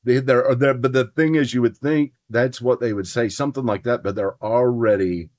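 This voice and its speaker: A man's voice: medium pitch, steady tone, moderate pace, darkish tone. A man hosting a podcast, talking theology in a casual, earnest way with his spouse and building to emphatic points. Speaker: podcast host. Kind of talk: casual theology chat, partly read from notes.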